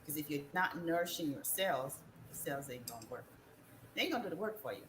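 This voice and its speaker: A woman talking casually and animatedly about wellness, acting out other people's voices with big jumps in pitch and laughing often. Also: lively intonation, quick pace. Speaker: wellness guest. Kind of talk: casual chat. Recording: echoey room with faint ambient noise.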